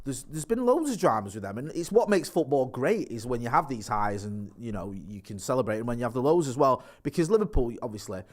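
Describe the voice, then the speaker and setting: A man's voice: medium pitch, sing-song, a little fast, hardly any pauses. Man, 40s, podcast co-host, chatty, storytelling. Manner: chatty, laughs often, tells anecdotes. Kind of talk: casual football chat.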